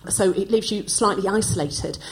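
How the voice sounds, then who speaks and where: Speaking at normal speed in a medium pitch, the Australian podcast host, a woman in her forties, performs a stand-up monologue live on stage for an audience. Her humor has a wry, self-deprecating timing, and the audio quality is poor.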